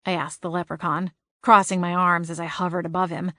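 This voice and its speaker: A woman narrating a cozy paranormal audiobook in the first person, lively with wry asides. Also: fairly low pitch, a little fast, no echo, studio quality.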